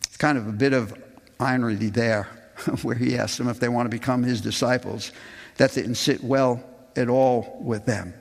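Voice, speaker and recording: A man's voice: fairly even intonation, moderate pace, vocal fry, long reverb tail. A man preaching a sermon, reading scripture aloud and calling his listeners "folks". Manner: reads scripture aloud, voicing the quoted people with raised pitch; addresses the congregation as "folks". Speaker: pastor.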